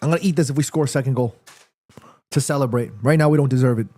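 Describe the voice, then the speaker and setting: A man with a warm, medium-pitched voice talks at a racing pace while hosting a live football watchalong. He reacts to the match as it unfolds, chatting with viewers directly and reading the chat aloud.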